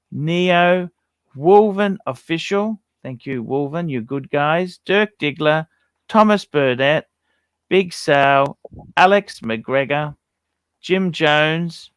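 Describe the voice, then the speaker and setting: A man hosting a livestream, talking slowly and steadily in a clean, smooth voice. He sits a little above the usual male pitch, and the sound is dry and close with no room echo. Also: a bit bright. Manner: unhurried, reads out viewer names in a long list. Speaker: livestream host. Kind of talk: casual livestream chat.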